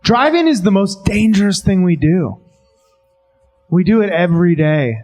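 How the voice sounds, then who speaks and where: A man's voice: high voice, lively intonation, normal speed, a little mellow. Laid-back rambling stand-up man. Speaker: stand-up comic. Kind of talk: stand-up set. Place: basement comedy venue.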